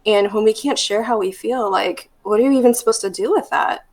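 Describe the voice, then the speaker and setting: A woman therapist speaks with a gravelly, creaky voice at an ordinary middle pitch. She tells stories in a relaxed, reflective way and leans on fillers. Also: fairly quick. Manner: thoughtful, storytelling with many fillers. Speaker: therapist guest. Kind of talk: casual podcast conversation.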